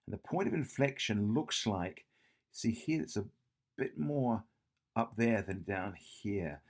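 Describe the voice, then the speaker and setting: A man's voice: lowish voice, animated, slow, a little mellow. A man tutoring math, walking through an exam question while he draws, thinking aloud, correcting himself and checking in with "yeah?". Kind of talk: whiteboard exam walkthrough.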